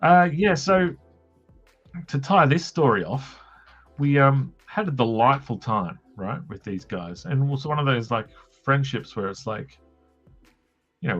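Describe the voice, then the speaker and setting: A man's voice: mid-range voice, fairly bright tone, muffled recording. A man with an Australian accent, telling a rambling, jokey story with crude asides while drawing on a stream. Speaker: comic artist streaming.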